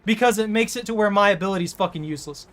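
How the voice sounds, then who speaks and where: A frustrated gamer narrating their own match, ranting and cursing all the way through. The voice is bright and sharp-edged. A faint hiss of noise sits under it. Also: medium pitch, very fast. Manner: ranting, swears constantly. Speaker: gamer playing a killer. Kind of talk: gameplay commentary.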